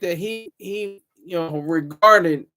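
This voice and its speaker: A man's voice: high-pitched, slow pace, pushed and bright. A man talking alone on his livestream, rambling and opinionated, often stopping to correct himself. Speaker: streamer. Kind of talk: casual solo livestream monologue.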